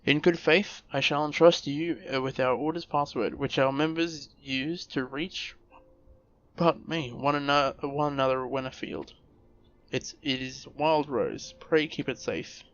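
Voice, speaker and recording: A man's voice: on the high side, fairly even intonation, a little slow, fairly bright tone. A man reading out the lines of a gracious female leader in his own voice, stumbling over words and restarting. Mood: formal. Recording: muffled recording with faint music.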